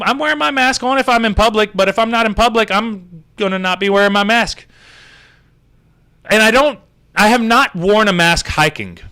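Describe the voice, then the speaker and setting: A man's voice: high-pitched, sharp tone. A man hosting a podcast, ranting in a casual, sarcastic and profane way. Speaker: podcast host. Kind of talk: casual comedic rant.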